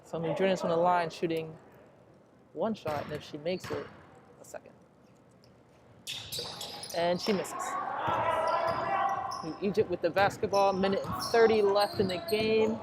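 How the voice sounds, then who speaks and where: A woman doing play-by-play for a high school basketball game, nervous and excitable, chatting to listeners between plays. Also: unhurried, long pauses. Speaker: play-by-play announcer. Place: school gym during a game. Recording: noisy gym sound. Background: crowd ambience and bouncing basketballs.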